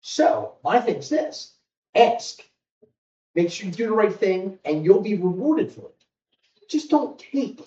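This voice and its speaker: A man who hosts a podcast and works as a corrections officer, telling a long casual story in an animated way and retelling conversations. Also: high voice, slow. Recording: echoey, distant, dull sound.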